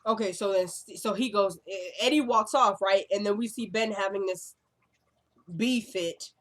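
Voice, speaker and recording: Woman, TV recap vlogger, mid-pitched, chatty and sassy, rambling delivery. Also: unhurried. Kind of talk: casual episode recap.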